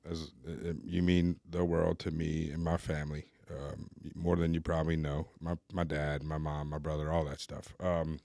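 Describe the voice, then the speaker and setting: A man's voice: very deep voice, level tone, moderate pace, vocal fry, hardly any pauses, warm tone, dry recording. A man hosting a recovery podcast, telling his own story in a candid, loose and chatty way. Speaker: podcast host. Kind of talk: casual recovery podcast conversation.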